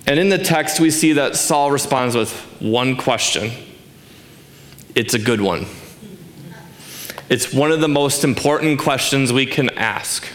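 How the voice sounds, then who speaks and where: A man's voice: mid-range voice, unhurried, pauses often, fairly bright tone, reverberant. A man in his forties giving a sermon as pastor, earnest and emphatic, asking rhetorical questions. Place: church sanctuary.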